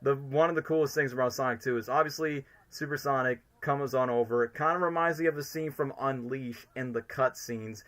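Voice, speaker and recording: A man's voice: medium pitch, a little fast, few pauses, a bit bright. A man streaming casual fan commentary, enthusiastic and rambling, filling his sentences with "literally" and "like".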